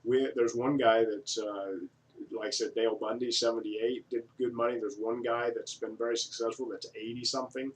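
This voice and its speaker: A man's voice: medium pitch, level tone, normal speed. A man vlogging in a casual, digressive monologue, folksy and full of fillers. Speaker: vlogger reviewing an online business offer. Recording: voice from a distance from the mic.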